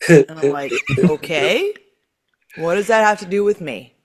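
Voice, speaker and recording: A woman telling a story on a podcast, animated, acting out quotes and swearing freely. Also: on the low side, unhurried, heavy background noise. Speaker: podcast guest. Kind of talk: casual chat.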